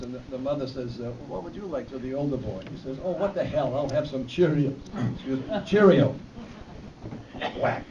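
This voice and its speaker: A man telling jokes at a fundraiser, rambling through his setups and laughing at his own punchlines. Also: mid-range voice. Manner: rambling joke delivery with restarts and fillers. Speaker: amateur comedian at a fundraiser. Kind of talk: telling jokes to a live audience. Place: event hall with a live audience. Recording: distant, dull, with crowd noise.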